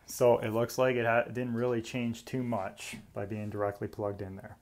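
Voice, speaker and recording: A man's voice: mid-range voice, little pitch movement, moderate pace, darkish tone. A man, an electrician giving a casual, chatty tool demonstration indoors in an old house and explaining each step.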